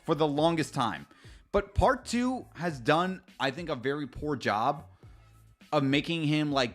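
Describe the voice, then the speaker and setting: A man streaming a live manga reaction, ranting with profanity and sarcasm and reading out chat comments. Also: mid-range voice.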